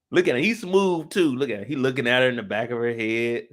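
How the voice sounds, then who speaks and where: Animated, jokey man recapping a show. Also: fast talker, few pauses. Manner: animated, jokey, rising to high-pitched excitement. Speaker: live-stream host. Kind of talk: casual live-stream TV recap commentary.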